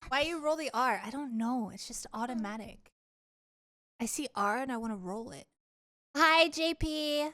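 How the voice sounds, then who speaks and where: A woman's voice: a little high, normal speed, a bit bright. A young woman streamer chatting casually with her live chat, playful and giggly, trying out words with a mock French accent.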